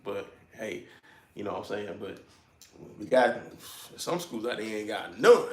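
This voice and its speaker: A man's voice: on the low side, expressive, a little slow, echoey room. A man with a South Carolina accent, hosting a casual garage livestream in a laid-back, chuckling way with folksy slang. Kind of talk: casual live-stream chat. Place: home garage.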